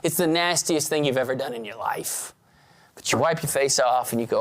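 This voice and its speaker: A man giving a motivational talk to students, telling stories in a lively way with big swings in pitch. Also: fairly quick. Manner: animated storyteller who swings his pitch widely and acts out scenes. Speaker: speaker at a student leadership event.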